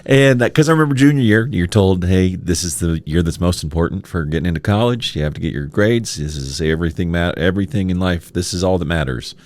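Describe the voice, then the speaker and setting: A man's voice: low-pitched, a little fast, hardly any pauses, darkish tone, no echo. A man, a stand-up comedian, telling personal stories in casual conversation, often laughing and acting out the people he quotes. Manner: laughs often, mimics others in quoted asides. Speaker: stand-up comedian, podcast guest.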